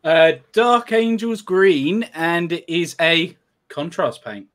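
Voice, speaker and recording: A man's voice: fairly high pitch, lively intonation, takes it slowly, fairly bright tone. A man co-hosting a casual live podcast, bantering good-humouredly with the others. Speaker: podcast co-host. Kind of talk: casual livestream chat.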